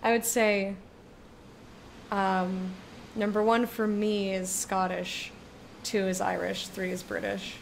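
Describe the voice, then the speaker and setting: A woman streaming a video game and chatting casually with her viewers, talking in a drawn-out way that lingers on words. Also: mid-range voice, little pitch movement, gravelly, a little hiss or hum.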